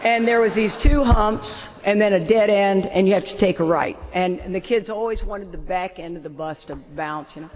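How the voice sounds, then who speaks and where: An older woman, an animated and self-deprecating storyteller, telling a long personal story as the opening speaker of a talk. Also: medium pitch, moderate pace, few pauses. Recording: muffled roomy hall.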